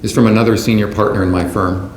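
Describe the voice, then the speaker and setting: Man giving a measured speech in an echoing hall. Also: lowish voice, steady tone, a little mellow. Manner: measured, deliberate delivery from a script. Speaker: conference keynote speaker. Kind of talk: prepared speech to an audience. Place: large conference hall. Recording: roomy hall sound with faint background noise.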